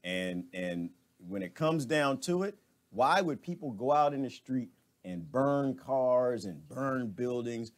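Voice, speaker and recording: Lively, rambling live stream host, a man. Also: medium pitch, slow pace. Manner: jokey, rambling, laughs at himself. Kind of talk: animated off-the-cuff commentary.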